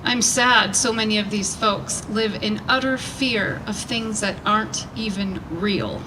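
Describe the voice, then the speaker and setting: A woman reading a prepared speech at a rally, earnest and measured, picked up from a distance outdoors. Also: mid-range voice. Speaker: rally speaker. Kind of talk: prepared speech read aloud. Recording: distant mic with background noise.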